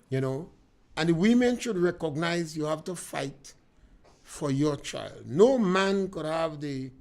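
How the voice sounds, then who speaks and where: A middle-aged man from Grenada hosts a radio talk show, delivering an emphatic, preachy monologue whose loudness swings up and down. His pitch is fairly high.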